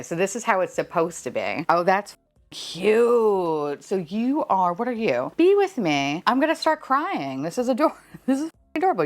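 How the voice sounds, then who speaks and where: Gushing, lively-voiced woman unboxing. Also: mid-range voice. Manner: gushing, squealing over cute finds, casual swearing. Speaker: unboxing video host. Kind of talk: casual unboxing chat.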